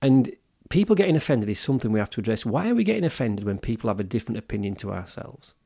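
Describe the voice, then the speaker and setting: Co-hosting a wellbeing podcast, a man talks earnestly in a casual discussion, restarting his sentences a lot. His voice sits on the low side, dark and creaky, with a sing-song lilt and a racing pace.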